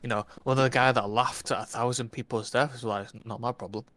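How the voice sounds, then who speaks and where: A man's voice: medium pitch, steady tone, fairly quick, a bit bright, no room sound. A man trading crude, mocking banter in a casual podcast chat over an online call.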